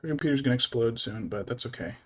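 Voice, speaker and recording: A man in casual livestream chat while he works on a miniature. He rambles and mutters to himself and to his cat, with wry, mock-dramatic complaints. His voice sits in an average pitch range. It is a relaxed, everyday way of talking. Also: fast talker. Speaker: miniature painting streamer.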